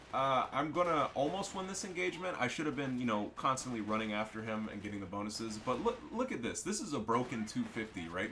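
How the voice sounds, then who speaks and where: A man's voice: fairly low pitch, bright, forceful tone, a little hiss or hum. A man giving casual, joking and profane commentary over a strategy game match. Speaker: gameplay commentator.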